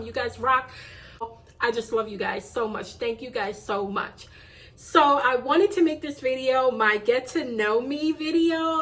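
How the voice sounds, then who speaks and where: A woman's voice: fairly high pitch, fairly bright tone. A woman hosting her own channel, chatting to camera in a casual vlog, gushing and effusive with thanks and often repeating herself. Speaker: YouTube channel host.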